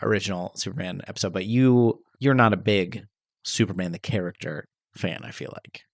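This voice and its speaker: A man's voice: low-pitched, brisk, creaky, dry recording, studio quality. A man co-hosting a movie podcast in casual chat, teasing and laughing often. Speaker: podcast co-host.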